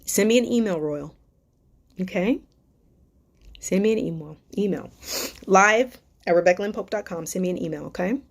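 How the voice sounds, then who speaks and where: A woman's voice: mid-range voice, moderate pace, long pauses. A woman hosting a live stream Q&A as a life coach, speaking affectionately and emotionally to viewers with spiritual encouragement, calling them darling and sweetheart.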